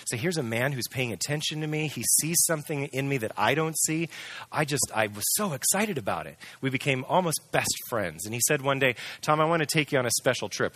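Candid man sharing his testimony, bright forceful tone, dry close sound. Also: mid-range voice, slightly rough, dry recording. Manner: candid, earnest storytelling. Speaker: testimony speaker. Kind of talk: personal testimony.

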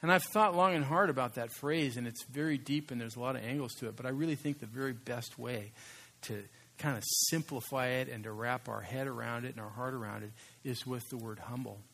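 A pastor in the middle of a sermon, talking to his congregation in a relaxed, conversational way. His voice has a husky edge, and he slows down and presses on the words he wants to stress. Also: mid-range voice. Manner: conversational, emphatic preaching with slow stressed words.

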